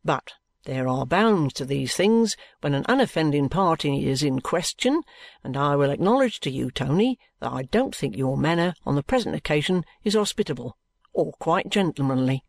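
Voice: mid-range voice, expressive, normal speed, vocal fry, no echo. A reader voicing a pompous, touchy young male law clerk who protests at length in flowery, wounded terms. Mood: aggrieved. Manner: wordy, injured remonstrance.

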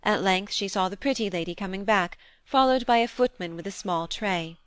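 A woman reading a classic novel aloud in steady, measured narration. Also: medium pitch, smooth, dry recording. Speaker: audiobook reader.

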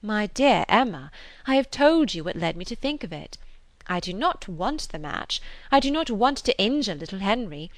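Woman doing a kindly middle-aged lady, measured, gently persuasive, lively pitch, close dry sound. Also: no echo, lightly acted. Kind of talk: audiobook character reading.

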